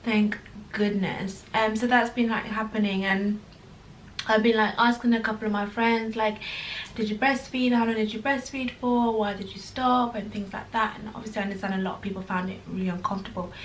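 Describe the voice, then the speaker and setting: A woman's voice: on the high side, steady tone, brisk, far from the mic, slight background noise. A young woman talking candidly to camera at home, full of fillers and addressing viewers as "guys". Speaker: vlogger, first-time mother. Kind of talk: casual chat to camera. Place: home room. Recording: voice a little off-mic, faint music behind.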